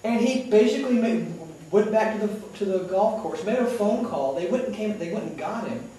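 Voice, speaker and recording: A man's voice: sits high, expressive, moderate pace, warm tone. Man voice actor, chatty rambling storyteller, recorded far off in an echoey room. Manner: rambling storyteller with many restarts. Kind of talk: casual interview chat. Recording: echoey room, distant mic.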